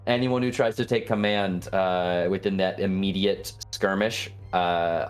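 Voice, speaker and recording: A man with a very deep voice describes his character's actions to the table in a relaxed, vivid way. Quiet music runs faintly behind him. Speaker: player. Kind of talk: casual game chat.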